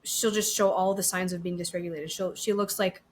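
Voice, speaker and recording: A woman's voice: lowish voice, steady tone, fairly quick, a little hiss or hum. A woman co-hosting a casual talk who listens closely and affirms often before sharing her own stories. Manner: attentive listener, frequent short affirmations. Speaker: podcast co-host. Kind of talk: casual conversational chat.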